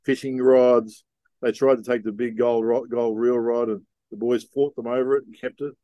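A middle-aged man, telling a story in a relaxed, rambling way with slang, as a podcast guest. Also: medium pitch, normal speed, no echo, dull audio. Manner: laid-back, rambling, with Aussie slang. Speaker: podcast guest, sea captain. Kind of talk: casual storytelling.

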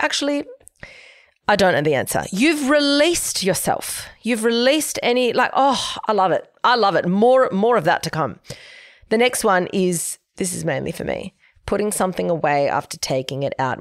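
A woman's voice: mid-range voice, no room sound, clean studio sound. A young adult woman hosting a casual solo podcast, chatty and emphatic as she gives advice. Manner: chatty, emphatic, giving advice with quoted asides. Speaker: podcast host.

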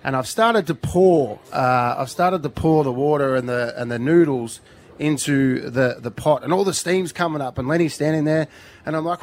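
Brief: middle-aged Australian male radio co-host with a fairly high voice and faint ambient murmur behind him, rambling and animated, full of restarts. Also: normal speed, slight background noise. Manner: rambling, animated, with lots of fillers, restarts and acted-out quotes. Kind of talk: casual on-air storytelling. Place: live outdoor radio broadcast at a riverside venue.

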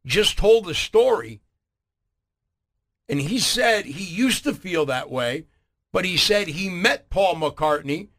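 A man hosting a morning radio show, retelling stories in a chatty, animated way. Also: high voice. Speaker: radio host.

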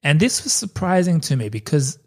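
A man's voice: on the high side, big pitch swings, fairly quick. A man, co-hosting a podcast and telling stories casually, with swearing and asides. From Australia. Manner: loose storytelling with swearing and asides. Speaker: podcast co-host. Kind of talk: casual chat.

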